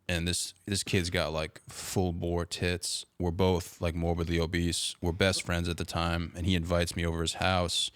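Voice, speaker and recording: A young man with a very deep, low voice tells a story in relaxed, casual chat. He peppers every sentence with "dude" and "like." The sound is dry and close, with no room echo. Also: moderate pace, hardly any pauses, smooth. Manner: laid-back, says "dude" and "like" constantly. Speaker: podcast guest.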